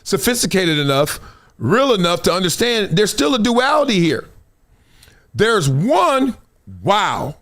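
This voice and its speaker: A man hosting a live stream, talking in an animated, emphatic storytelling way. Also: high-pitched. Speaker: show host.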